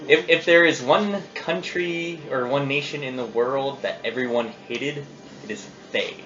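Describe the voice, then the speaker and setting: A man's voice: mid-range voice, a little slow, a bit bright. A man narrating as game master at a tabletop game, chatty and casual, recorded on a phone. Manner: casual, chatty, laughs often. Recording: roomy, dull phone recording with music.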